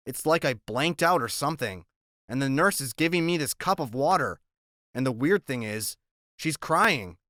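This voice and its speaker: A man's voice: mid-range voice, animated, normal speed, sharp tone, no room sound. Man narrating an audiobook, dry and close. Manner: plain, conversational storytelling. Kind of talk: first-person audiobook narration.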